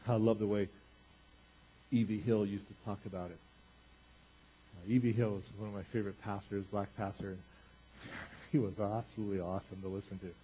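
A man preaching a sermon, moving from quiet earnest talk to booming exclamations. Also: fairly even intonation, fairly quick, pauses often, highs cut off, a little hiss or hum. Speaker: pastor.

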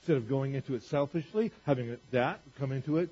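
A male pastor preaching a sermon in a conversational way, repeating phrases and rising in pitch for emphasis. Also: fast, dark tone, breathy edge. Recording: dull lo-fi recording.

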